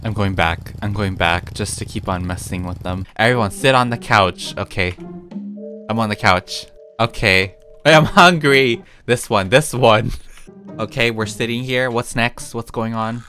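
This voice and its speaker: A man's voice: on the low side, steady tone, moderate pace, bright, forceful tone, faint music behind. A man giving casual gameplay commentary as a gaming YouTuber, giggly and mischievous and laughing often.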